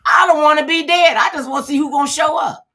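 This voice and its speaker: An older woman hosting a talk show, telling a long story in a casual, animated way and acting out the quotes. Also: high voice, fast, slight background noise.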